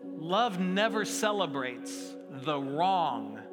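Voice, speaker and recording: A man's voice: a little high, very animated, drawn-out words. A middle-aged man preaching a sermon in a conversational, self-deprecating way with playful asides. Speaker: pastor. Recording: long hall reverb with faint music.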